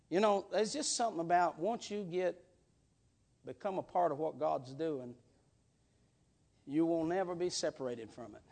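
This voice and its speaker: A man preaching a storytelling sermon in a folksy way, repeating words as he builds up to shouts. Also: on the high side, lively intonation, normal speed, creaky, long pauses.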